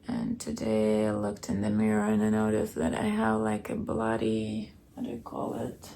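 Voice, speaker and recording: A weary woman keeping a late-night video diary at home, talking softly and often dropping into a whisper. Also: mid-range voice, sing-song, normal speed, gravelly, slight background noise. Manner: soft, tired, often drops to a whisper. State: weary, low on energy.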